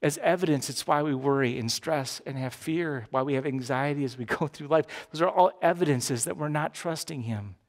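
A man in his fifties preaching a sermon as pastor, earnest and swinging from emphatic peaks down to quiet, low moments. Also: normal speed, few pauses. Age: 50s.

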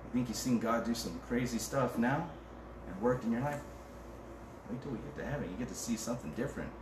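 In a church, a pastor with a medium-pitched voice preaches a conversational sermon at a fairly quick pace, joking casually and reading scripture aloud. The recording sounds roomy and distant, with background noise.

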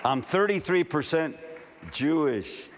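A male pastor in his fifties from California, preaching a sermon with animated storytelling and acted-out dialogue. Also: on the high side, takes it slowly. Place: large camp meeting hall. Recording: long hall reverb, faint ambient noise.

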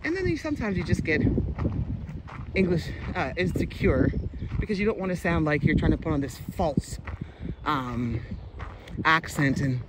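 A middle-aged woman chatting casually in a walking vlog, rambling excitedly as she films on her phone outdoors in the countryside. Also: sits low, measured pace, pauses often. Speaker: vlogger. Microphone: phone camera held while walking. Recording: loud outdoor background noise. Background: loud outdoor noise.

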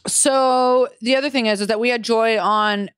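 A woman's voice: a little high, steady tone, moderate pace, clean tone, no room sound, studio quality. A woman co-hosting a podcast in casual chat, blunt, profane and dramatic. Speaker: podcast co-host.

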